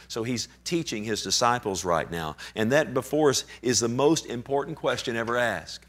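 A man as pastor preaching an emphatic sermon, pushing his voice up and dropping it low for emphasis. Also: a bit bright.

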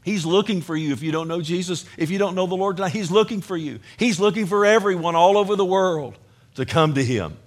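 A man with a Texan accent preaching a sermon with passion, moving from loud urging to quiet storytelling. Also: sits high, fairly quick. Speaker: pastor.

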